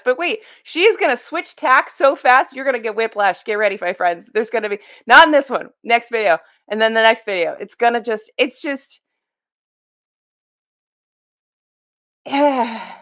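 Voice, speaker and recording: A woman's voice: a little high, expressive, unhurried, fairly bright tone. A woman hosting a casual reaction video about books, talking in a rambling, wryly exasperated way at home before work. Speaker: book commentary video host. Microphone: streaming webcam setup.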